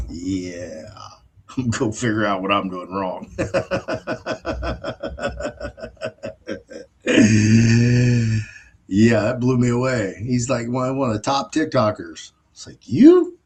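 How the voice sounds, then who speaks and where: A man's voice: lowish voice, extremely slow, long pauses, slightly rough. A man hosting his own show, talking in a blunt, profane, scornful casual monologue and laughing between phrases. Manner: laughs between phrases while telling stories. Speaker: show host.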